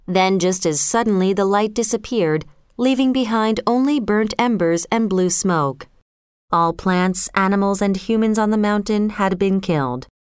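A woman narrating an audiobook story in a measured, even storytelling manner. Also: mid-range voice, clean tone, no echo, clean studio sound.

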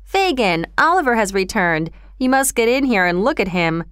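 A woman's voice: mid-range voice, big pitch swings, normal speed, fairly bright tone, clear, resonant tone, no echo, studio quality. A woman reading a storybook aloud, voicing a young boy thief who talks through gleeful laughter.

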